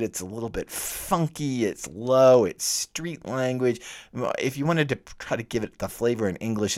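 A man giving an informal lecture on a classic poem. He talks conversationally and acts out the quoted voices now and then. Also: mid-range voice. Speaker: lecturer on Dante. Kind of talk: informal literature lecture with dramatic readings.

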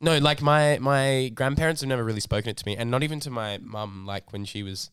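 A young man co-hosting a podcast in casual chat, talking quickly in rambling, self-interrupting bursts. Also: medium pitch, a bit bright, smooth, no room sound, clean studio sound. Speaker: podcast co-host.

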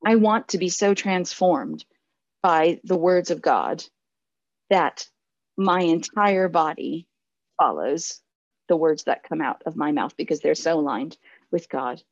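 A woman in her forties, a pastor giving a sermon, earnest and reflective, often restarting her sentences and laughing softly. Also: low-pitched, animated, a little slow, no echo, lo-fi sound.

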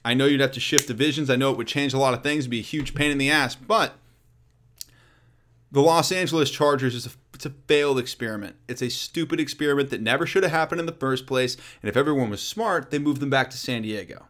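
A man hosting a casual solo sports talk show, blunt and profane, riffing with loud and quiet swings. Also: mid-range voice, fast.

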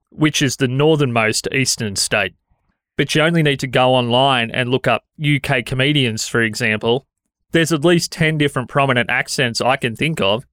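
A man's voice: medium pitch, fairly bright tone, dry recording. An Australian man hosting a solo podcast, talking frankly and conversationally into a studio microphone. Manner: frank, conversational, mildly exasperated critique. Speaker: podcast host. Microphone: studio dynamic microphone.

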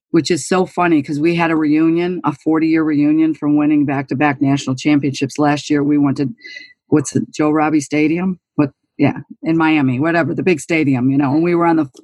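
A woman's voice: low-pitched, darkish tone, no room sound. A woman in her sixties from New York State, telling her story as an interview guest in an earnest, emphatic, candid way. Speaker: guest, former college golfer.

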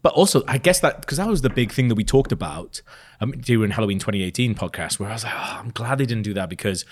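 A Welsh man co-hosting a film podcast in easy, chatty banter. He is excitable, laughs often and swears casually, and his voice swings up and down with lively intonation. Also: fairly low pitch, fast. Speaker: podcast co-host.

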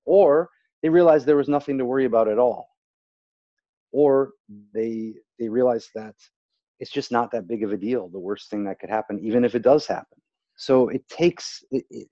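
A man who works as a speaking coach, explaining an exercise calmly in a casual podcast chat. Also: mid-range voice, no room sound, muffled recording. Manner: explains calmly, acts out worried and excited self-talk in demonstrations.

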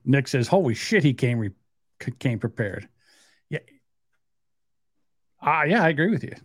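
A man's voice: mid-range voice, very animated, normal speed, no echo. A man co-hosting a casual podcast who rambles and banters with many fillers. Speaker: podcast co-host.

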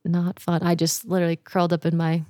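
A young woman telling a camping story in casual chat, animated, laughing often and swearing freely. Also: lowish voice, fast, dry recording, studio quality.

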